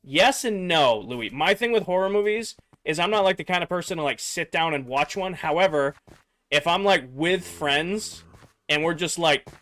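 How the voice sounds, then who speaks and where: Slightly high-voiced casual male streamer. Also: expressive, moderate pace, fairly bright tone. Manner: rambling, filler-heavy, answering chat. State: losing his voice. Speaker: game streamer. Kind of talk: casual livestream chat with viewers.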